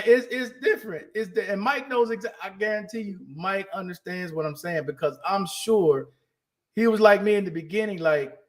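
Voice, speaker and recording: A man holds forth on his podcast in a casual, candid monologue, leaning on emphasis and circling back over his own phrases. His voice sits a little higher than most men's. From United States. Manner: candid, emphatic, repeats himself while searching for words. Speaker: podcast host.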